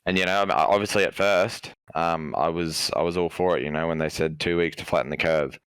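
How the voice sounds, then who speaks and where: A man's voice: low-pitched, steady tone, fairly quick, fairly bright tone, smooth, dry recording. A young Australian man, a podcast guest, giving blunt opinions in an easygoing way with frequent ums. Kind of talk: casual chat.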